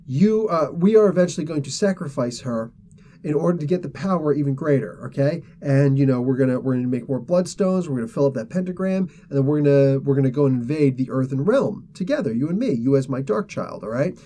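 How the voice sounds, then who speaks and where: A man's voice: medium pitch, lively intonation, a little fast, dark tone, natural voice. A man voicing a scheming, immortal male demon sorcerer in a casual retelling, bossy and menacing.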